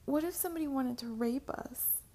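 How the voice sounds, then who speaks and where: A woman's voice: high-pitched, normal speed, mellow, voice pushed up. A woman voicing the narrator's frightened best friend, who speaks anxiously and pleads. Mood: scared.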